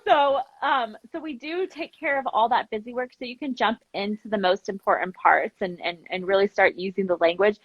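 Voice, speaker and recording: A woman founder of a language program, a guest telling stories in an animated, chatty way with lots of fillers. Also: mid-range voice, no room sound, highs cut off. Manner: animated, quick storytelling with lots of "like". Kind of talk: casual interview chat.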